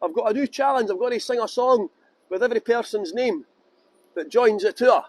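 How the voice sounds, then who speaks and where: Scottish man, high-pitched, jokey live tour guide filmed on a phone, dry close sound. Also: brisk, no room sound. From Scotland. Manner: chatty and jokey, greets viewers by name, breaks into song. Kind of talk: casual walking tour commentary. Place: outdoors at a harbour ferry terminal.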